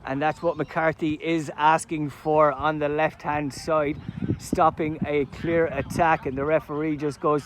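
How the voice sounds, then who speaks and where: A man giving live play-by-play commentary at an amateur football match outdoors, chatty between plays and loud at goals. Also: fairly high pitch, flat delivery, a little slow, slight background noise. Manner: chatty play-by-play, erupts loudly at goals and chances. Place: outdoors at a sports ground.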